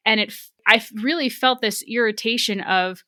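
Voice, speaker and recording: A woman's voice: fairly high pitch, moderate pace, pushed and bright, dry recording, studio quality. A woman co-hosting a book club podcast, talking casually and animatedly with many restarts. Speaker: podcast co-host.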